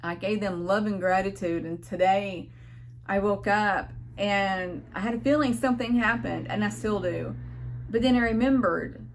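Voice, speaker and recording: A woman recounts a spiritual experience in an earnest, emotional, rambling way, circling back with restarts and sometimes close to tears. Her voice sits in a middle pitch, with a faint hum of noise behind it in a home room. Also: moderate pace. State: near tears at times. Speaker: spiritual vlogger. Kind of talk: casual personal storytelling.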